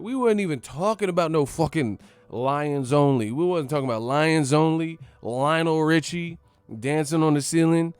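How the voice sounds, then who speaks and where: A man's voice: a little high, clear, resonant tone, no echo. A man hosting a boxing channel, ranting profanely in a casual live stream. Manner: profane, animated, fast-talking.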